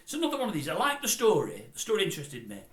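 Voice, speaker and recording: A grumpy, sarcastic middle-aged man rambles through showbiz gossip like a comic host. His voice is bright and forceful. It rings in a roomy, echoey space. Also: high-pitched, wildly swooping pitch, very fast. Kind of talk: comedic celebrity gossip monologue. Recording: roomy echo.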